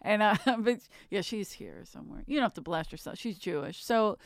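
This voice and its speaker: A woman's voice: medium pitch, animated, fairly quick, dry recording. A woman hosting a podcast in a studio, chatty, telling stories and swearing casually. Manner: chatty, storytelling, profane. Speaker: podcast host.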